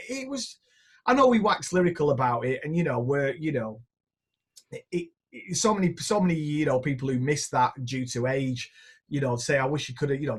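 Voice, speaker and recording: Husky man spinning yarns. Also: a little high. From northern England. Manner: chatty storyteller, rambling anecdotes, swears casually. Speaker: music producer. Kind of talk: casual chat.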